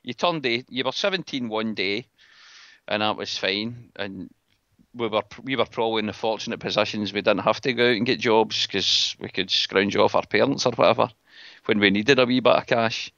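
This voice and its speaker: This middle-aged Scotsman's voice is lowish and gravelly, a bit bright, at normal speed, as he hosts a casual podcast chat full of bluntness and scorn. There is no echo; the sound is dull, dry and lo-fi.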